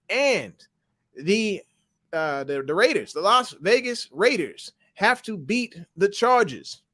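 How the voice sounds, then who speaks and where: A man hosting a fan livestream, reacting emotionally to a live football game and swinging between loud outbursts and fast muttering. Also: sits high.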